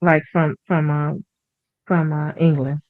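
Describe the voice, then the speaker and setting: A woman's voice: low-pitched, flat delivery, slow, no echo. A woman chatting casually on a talk show, telling stories in a rambling way and acting out what people said. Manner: rambling storyteller who acts out quotes. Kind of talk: casual chat. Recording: dry, dull lo-fi sound.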